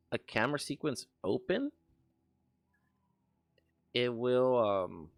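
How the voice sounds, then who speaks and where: A man's voice: lowish voice, no echo. A young man streaming while he works on an animation, chatting casually, rambling, laughing and swearing as he tells stories.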